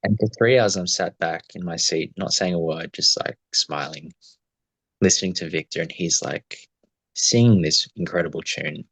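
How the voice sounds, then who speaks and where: A man's voice: sits low, normal speed, fairly bright tone, breathy edge, no room sound, rough recording. A man co-hosting a podcast, telling rambling, reflective travel stories in casual chat with some swearing. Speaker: podcast co-host.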